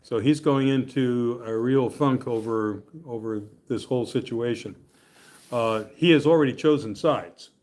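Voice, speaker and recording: A man's voice: medium pitch, unhurried, darkish tone. A man leading a Bible study class, reading scripture aloud and explaining it in a chatty, joking way. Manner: chatty and joking, often laughing and checking in with "okay?".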